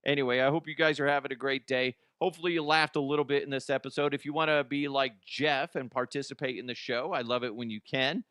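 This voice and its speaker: A man hosting a comedy news podcast, ranting sarcastically with lots of swearing, swinging between loud outbursts and mutters. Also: mid-range voice, fairly even intonation, fast talker, hardly any pauses, clear, resonant tone, dry recording, studio quality. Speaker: podcast host.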